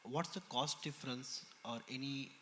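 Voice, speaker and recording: A man's voice: mid-range voice, fairly even intonation, moderate pace, fairly bright tone. Man pressing a speaker with questions. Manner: persistent, pressing follow-up questions. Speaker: audience member asking questions. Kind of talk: technical Q&A. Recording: reverberant conference hall, faint noise.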